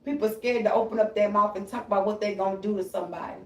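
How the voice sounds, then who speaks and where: A woman ranting on a live stream, loud and confrontational, telling stories and breaking into shrieking imitations. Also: mid-range voice, steady tone, fast. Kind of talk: blunt profane live-stream rant. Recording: roomy echo, voice a bit far from the mic.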